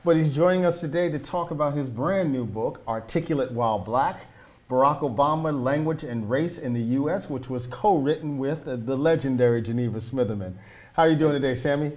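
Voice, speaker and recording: A male host with an ordinary mid-range voice introduces his guest and talks in a relaxed, conversational way. He keeps checking in with little asides of "you know" and "right". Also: medium pitch, a little fast. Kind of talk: talk show interview.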